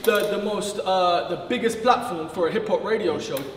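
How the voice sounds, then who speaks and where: A man's voice: sits high, moderate pace, slight background noise. A man arguing his point in a casual panel debate, blunt and swearing freely. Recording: echoey room with reverb.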